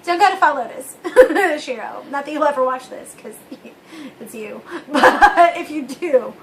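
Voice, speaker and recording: A woman's voice: sits high, measured pace, background noise. A young woman hosting a vlog, chatting casually and telling stories with lots of giggling. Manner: giggly, animated storytelling. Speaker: vlog host. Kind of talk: casual chat.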